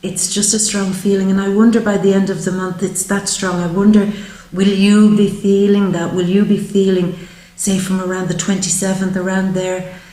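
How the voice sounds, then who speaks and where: Woman tarot reader, gentle and heartfelt, mid pitch, roomy echo. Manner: gentle, earnest, slow and emotional. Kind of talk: spoken psychic tarot reading.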